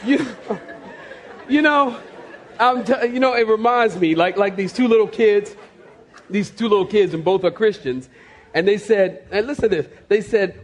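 Male preacher, very high voice, animated and repetitive delivery, playful mock voices. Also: normal speed, some chatter behind. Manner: animated, acts out scenes with mock voices, repeats phrases. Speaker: pastor. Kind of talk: sermon.

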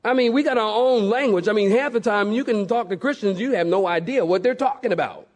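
A male preacher giving a sermon with animated, jokey storytelling. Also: high-pitched, brisk.

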